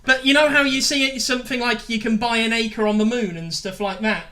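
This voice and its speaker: A man hosts a comedic radio show. His voice comes across bright and forceful. He talks in a jokey, self-mocking way, full of quick asides. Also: very high-pitched, fairly even intonation. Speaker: radio host.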